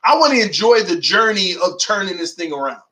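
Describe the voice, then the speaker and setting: High bright-voiced excitable male fan host. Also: a little fast. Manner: emphatic, shouts and preaches at viewers; drawling, says "man" and "y'all" constantly. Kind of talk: excitable fan livestream chat.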